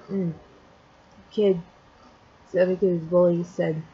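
A woman vlogger retelling a story, emotional and halting, near tears, with many restarts. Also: medium pitch, husky, highs cut off. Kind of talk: personal vlog, retelling a story.

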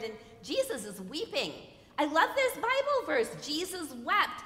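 A woman giving a sermon as a guest preacher, expressive, moving between hushed lines and loud emphatic ones and asking the congregation questions. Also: sits high, a little slow. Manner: speaks directly to the congregation with questions. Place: church sanctuary. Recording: echoey church with long reverb.

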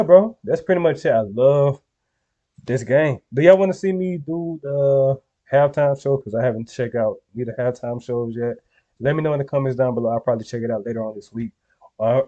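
A man's voice: medium pitch, brisk, mellow, lo-fi sound. Laid-back slangy young man reacting. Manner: laid-back slangy talk to viewers, frequent "you feel me". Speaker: reaction video host. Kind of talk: casual reaction commentary.

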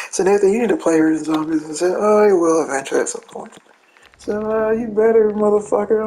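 A woman's voice: fairly low pitch, steady tone, normal speed, pauses often, mellow, a little hiss or hum. A woman giving casual gameplay commentary, cursing freely, laughing often and retelling trash talk as quoted back-and-forth. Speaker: gamer.

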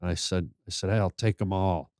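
A man telling a long story on a podcast, animated and full of stammered restarts. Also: low voice, a little fast, dry recording, studio quality. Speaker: podcast guest. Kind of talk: storytelling in casual chat.

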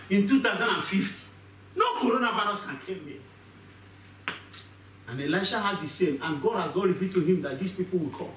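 A man's voice: sits high, slight background noise. A man pastor preaching a sermon, acting out voices and asking the congregation questions. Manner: animated, acts out voices, asks the congregation questions. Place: church hall. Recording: echoey church hall, mic far off.

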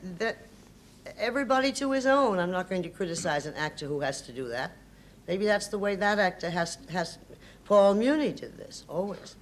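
A woman's voice: medium pitch, animated, moderate pace. Emphatic older woman, sardonic. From United States. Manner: emphatic, hesitant restarts, sardonic. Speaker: interview guest. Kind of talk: reminiscing interview.

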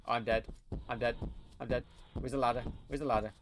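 A man narrates his own horror game run in a jumpy, rambling way, talking to himself as he goes. His voice sits at an ordinary middle pitch. The recording carries a clear layer of background noise. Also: steady tone, brisk. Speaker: gamer. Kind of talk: let's play commentary. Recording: noisy home recording.

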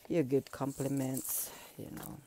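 A woman's voice: very deep voice, level tone, a little slow, warm tone, a little hiss or hum. A woman vlogger chatting casually while unboxing gifts, gushing and emotional, laughing often. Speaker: channel founder.

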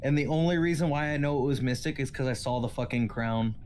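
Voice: medium pitch, quick pace, darkish tone. A player in a game chat, bluntly laying out an accusation and swearing casually.

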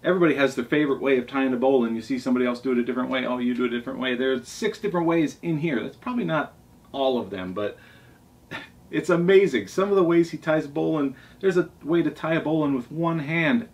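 A man's voice: medium pitch, quick pace. A man who sails, showing off his favorite books in a casual, rambling way, talking eagerly and often restarting his sentences. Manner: enthusiastic, rambling, with restarts and asides. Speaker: sailing vlogger showing his library. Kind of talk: casual show-and-tell. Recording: distant mic, faint background noise.

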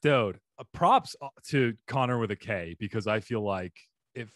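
Man with a deep radio voice. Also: expressive, normal speed, fairly bright tone, no room sound, studio quality. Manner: self-deprecating, jokey. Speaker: podcast host. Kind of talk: casual comedy chat.

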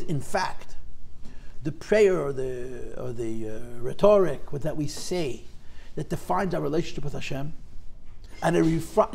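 A male teacher gives a class in a high, gravelly voice. He lectures with animated emphasis and drives his points home by repeating them. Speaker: Torah teacher.

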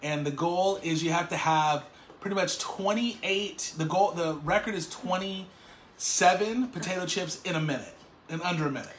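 A young man co-hosting a casual livestream chat, animated and laughing through his talk. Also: high-pitched, normal speed. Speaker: co-host. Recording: loud background noise.

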